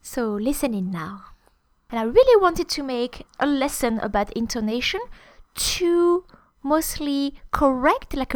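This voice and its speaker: A woman's voice: a little high, clear, resonant tone, dry recording. A woman hosting a podcast language lesson, explaining at length with many hesitant fillers. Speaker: French teacher, podcast host.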